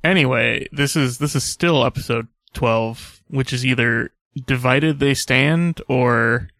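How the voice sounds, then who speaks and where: A man co-hosting a podcast in easygoing banter, his voice gravelly and fry-laden. His replies are dry and deadpan, close to the mic in a dead, dry room. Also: medium pitch, slow, no room sound. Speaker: podcast co-host.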